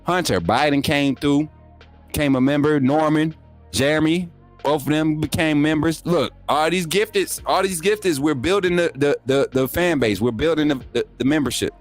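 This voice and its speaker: A young man hosts a casual sports livestream, thanking viewers and joking with them. He talks with energetic, laughing, teasing banter, his voice sitting a little high. Faint music plays quietly behind him. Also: normal speed. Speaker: YouTube sports show host. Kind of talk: casual livestream chat reading super chats.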